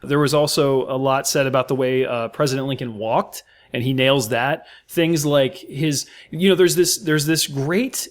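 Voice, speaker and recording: A man's voice: mid-range voice, fairly even intonation, normal speed, few pauses. An American man, a podcast co-host, talking about a film with enthusiastic, effusive praise and many fillers. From United States. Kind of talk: casual film discussion.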